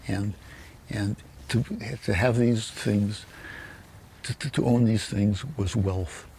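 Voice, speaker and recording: Older man, weak and halting low voice. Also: steady tone, vocal fry, a little mellow, a little hiss or hum. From United States. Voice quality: weak, unsteady voice with frequent stutters and repeated words. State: speech affected by Parkinson's. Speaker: author and publisher. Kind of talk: personal storytelling to camera.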